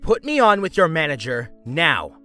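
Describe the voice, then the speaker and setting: A man voicing a shrill, furious, entitled woman customer who screams, bullies and interrupts. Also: sing-song, normal speed, pushed and bright, faint music behind.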